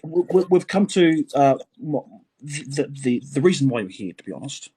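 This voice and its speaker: A New man hosting a casual chat, asking relaxed questions. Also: medium pitch, moderate pace, breathy edge. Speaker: host.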